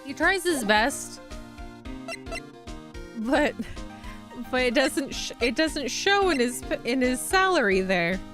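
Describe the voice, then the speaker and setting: A woman's voice: high-pitched, lively intonation, takes it slowly, long pauses, over music. A woman streamer chatting casually while playing a game, reading text aloud and laughing at her own attempts. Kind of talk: casual game playthrough commentary.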